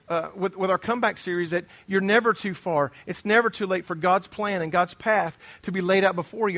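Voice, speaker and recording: A man's voice: sits high, fairly bright tone. A middle-aged man preaching a sermon, earnest and emphatic, often repeating his key phrases. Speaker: pastor.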